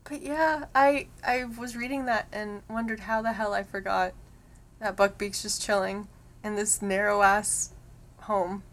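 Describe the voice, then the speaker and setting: A woman co-hosting a podcast in casual chat, soft-spoken and easygoing. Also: mid-range voice, fairly even intonation, unhurried. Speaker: podcast co-host.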